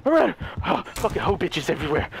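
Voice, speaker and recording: A man chatting casually while gaming, excitable and often yelling and cursing. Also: very high voice, fast, over a noisy crowd. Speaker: gamer.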